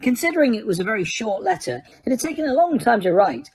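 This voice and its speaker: A woman narrating an audiobook in a steady reading voice, sometimes correcting a slipped word. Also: fairly high pitch, quick pace, slightly rough.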